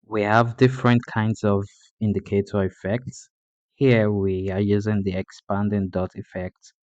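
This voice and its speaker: A low, mellow-voiced man talks through a coding tutorial, steady and plain, often pausing on "uh". The recording is dry and a little dull, like a lo-fi voice-over mic. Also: dry recording. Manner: plain, steady explaining with frequent "uh" fillers.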